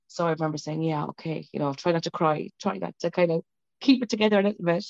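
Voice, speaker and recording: Fast, gravelly woman telling her story. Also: on the low side, a little mellow, no room sound, dull audio. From Ireland. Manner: rambling, self-interrupting, tearful at moments. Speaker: interview guest. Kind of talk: emotional personal story. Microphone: video call.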